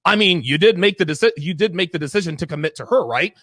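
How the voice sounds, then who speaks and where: A man's voice: fairly high pitch, animated, fast, fairly bright tone, no echo. A man hosting a talk show, telling stories in a blunt, emphatic, profane way. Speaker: podcast host. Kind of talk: casual chat.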